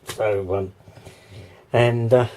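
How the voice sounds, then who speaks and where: Australian man, hoarse, rambling vlog talk, deep voice, outdoor noise behind. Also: fairly even intonation, extremely slow. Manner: rambling, with many ums and little laughs. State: hoarse, losing his voice. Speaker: vlogger. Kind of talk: casual vlog chat. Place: walking outdoors.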